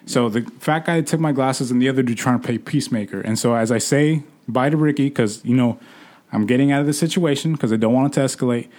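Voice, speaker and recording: A young man casually telling a bar story in a relaxed chat, swearing freely. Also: mid-range voice, quick pace. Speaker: podcast co-host telling a story.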